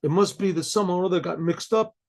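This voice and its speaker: An older man, a rabbi, telling a story to listeners, often clearing his throat and acting out the voices of the people in it. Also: sits high, fast talker, a little mellow. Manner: frequent throat clearing, acts out quoted voices. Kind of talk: storytelling talk.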